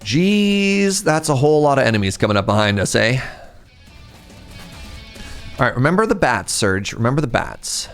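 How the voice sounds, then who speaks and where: Lively, excitable man streaming a game. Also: mid-range voice, moderate pace, long pauses, soft background music. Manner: excitable, chatty, talks to chat. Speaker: streamer playing a video game. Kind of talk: casual live-stream gameplay commentary.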